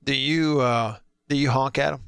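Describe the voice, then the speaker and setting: A man's voice: medium pitch, fairly even intonation, moderate pace, vocal fry, fairly bright tone, smooth, no echo. A man hosting sports talk radio, reading listener texts in a chatty, teasing way.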